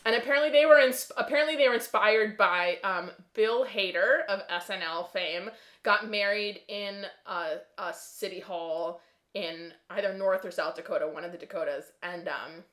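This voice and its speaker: A woman's voice: mid-range voice, normal speed, fairly bright tone, reverberant. A young woman co-hosting a podcast, talking loosely and laughing easily. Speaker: podcast co-host. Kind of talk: casual chat.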